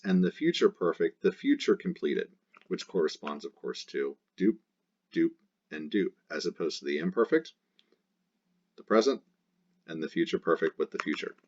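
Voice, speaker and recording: A man's voice: on the low side, darkish tone, slightly rough. A man teaching a grammar lesson, explaining step by step and drilling endings aloud in rhythmic lists. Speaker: Latin teacher. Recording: dull lo-fi recording.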